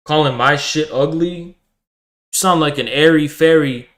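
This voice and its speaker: A man's voice: on the high side, a little slow, fairly bright tone. Profane boisterous male streamer ranting. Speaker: livestreamer. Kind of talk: ranting livestream monologue.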